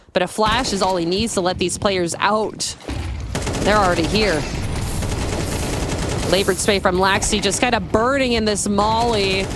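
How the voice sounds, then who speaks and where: Woman, esports play-by-play caster, mid-pitched, quick and teasing, audible noise under the mic. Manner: quick, teasing, calls action as it happens. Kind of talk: live esports play-by-play commentary. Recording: clear background noise.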